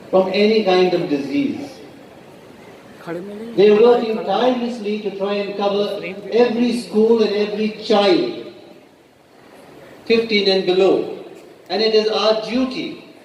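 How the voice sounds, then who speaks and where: Stern high-voiced principal in a hall. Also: male voice, a little mellow, a little hiss or hum. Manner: firm, emphatic and stern. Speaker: school principal. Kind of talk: address to parents at a meeting. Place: large school hall. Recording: echoey hall heard from a distance.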